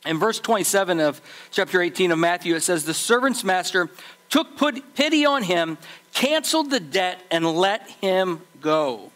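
A man preaching a sermon with a lively, sing-song delivery that rises and falls widely. His voice sits high for a man. He acts out the people in his story as he goes. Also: moderate pace. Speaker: pastor.

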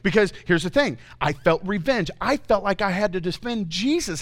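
A man's voice: sits high, normal speed. A man preaching a conversational sermon in a church, telling stories and talking back and forth with the congregation. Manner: conversational, animated storytelling with audience asides. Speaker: pastor.

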